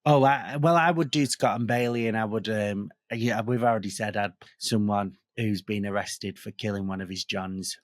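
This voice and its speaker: A man with a Manchester accent, co-hosting a podcast and telling animated, sweary stories in casual chat. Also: lowish voice, moderate pace, hardly any pauses, dry recording, clean studio sound. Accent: Manchester English. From Northern England. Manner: animated storyteller who swears freely. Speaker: podcast co-host.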